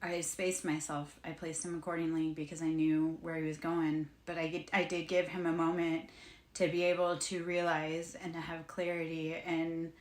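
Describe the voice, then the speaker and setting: A woman hosting a casual livestream as a spiritual reader, talking in a blunt, animated way and swearing casually. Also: low voice, normal speed. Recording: roomy, echoey room sound.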